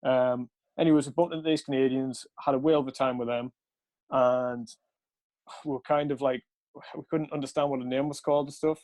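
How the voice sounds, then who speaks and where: A man's voice: medium pitch, steady tone, a little fast, a little mellow. A young man, casually telling a rambling night-out story, laughing and swearing between fillers. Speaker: podcast co-host.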